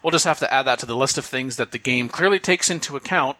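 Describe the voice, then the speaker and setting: A man hosting a podcast, reading out notes and commenting on them in a measured, wry way. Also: medium pitch, bright, forceful tone, dry recording. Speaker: podcast host. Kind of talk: casual game discussion.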